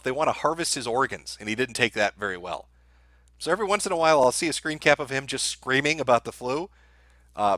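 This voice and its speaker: A man's voice: medium pitch, sharp tone, dry recording. A man hosting a live stream, reading out viewer messages and answering them with sardonic, profane commentary.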